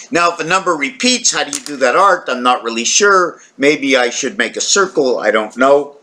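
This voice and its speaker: A man's voice: mid-range voice, animated, normal speed, few pauses, bright, forceful tone. A tired man talking to camera in a rambling, wandering monologue, questioning himself and breaking into playful sound effects. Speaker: video maker.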